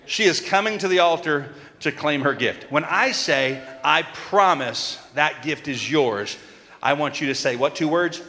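A man giving a lively children's sermon, coaxing and calling out to the kids in a church. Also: fairly high pitch, a little slow, a little hiss or hum. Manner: animated, coaxing, calls out to the kids. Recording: long reverb in a large hall, faint crowd.

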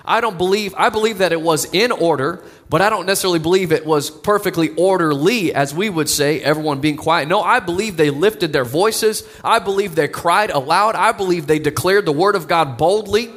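A man's voice: high voice, a little fast, few pauses, a bit bright. Earnest preaching man in an echoing hall. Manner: earnest, builds to emphatic declarations. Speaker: pastor. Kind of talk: sermon. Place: church sanctuary. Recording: long reverb of a church hall.

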